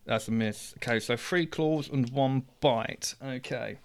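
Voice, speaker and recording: A man's voice: mid-range voice, measured pace. A man running a tabletop game as game master, methodically calling out rolls and results. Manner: calls out dice numbers in a steady, methodical way.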